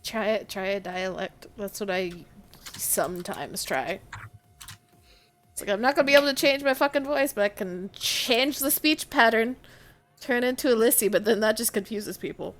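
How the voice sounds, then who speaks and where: A woman game master chatting casually with her players between tabletop scenes, candid and quick to laugh, with some swearing. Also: medium pitch, lively intonation, fairly bright tone.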